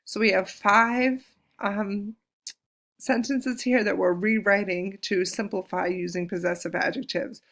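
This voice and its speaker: Casting note: woman, Spanish teacher, gravelly edge, patient and clear, slows down to model words. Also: medium pitch, steady tone, fairly bright tone. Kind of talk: recorded classroom lesson.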